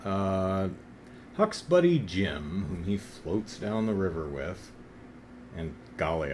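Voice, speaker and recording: A man's voice: rumbling low, a little mellow, slight background noise. A man in his thirties talking casually in a wry, self-deprecating way, sometimes building up to exasperated emphasis. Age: 30s. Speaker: comic book reviewer. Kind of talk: casual vlog commentary.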